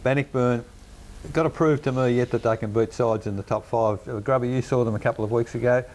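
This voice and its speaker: An Australian man on a football panel show, measured and analytical. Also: mid-range voice, fairly even intonation, darkish tone. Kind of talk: sports panel commentary.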